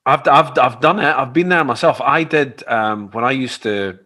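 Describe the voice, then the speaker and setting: A man's voice: medium pitch, normal speed, pushed and bright. A Scottish man hosting a casual interview, friendly and conversational. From Scotland. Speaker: interview host. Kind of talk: casual chat.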